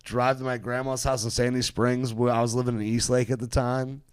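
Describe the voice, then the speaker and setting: A man tells a comic story on a podcast. He is animated and profane, often laughing into his own lines. The sound is dry and close. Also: mid-range voice, brisk, smooth, no echo. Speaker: comedian guest.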